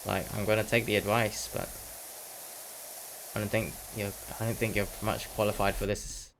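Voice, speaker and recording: A man's voice: fairly low pitch, level tone, normal speed, background noise. A nineteen-year-old man chatting casually while playing a game, rambling and making jokes at his own expense, now and then slipping into a mock British slang voice. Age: teens. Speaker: gaming commentator.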